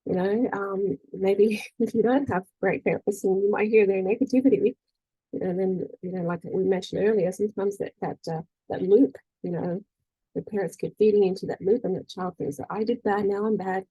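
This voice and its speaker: Mellow, husky-voiced woman teaching casually. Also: medium pitch, fairly even intonation, fairly quick, no room sound, low-quality recording. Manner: chatty, frequent "you know" and "right?", acts out quoted voices. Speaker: spiritual energy-healing coach leading a group meeting. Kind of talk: casual faith-based teaching talk.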